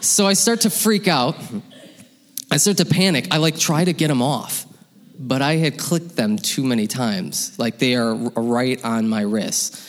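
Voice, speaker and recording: A man telling a personal story live on stage, lively and laughing, acting out the voices of his parents. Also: mid-range voice, a little slow. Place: hall with audience. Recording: long hall reverb.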